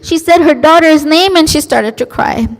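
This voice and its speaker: A woman preacher giving an emotive religious sermon, expressive and acting out quoted voices. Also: high-pitched, normal speed. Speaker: female preacher. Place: large community centre hall. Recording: long hall reverb.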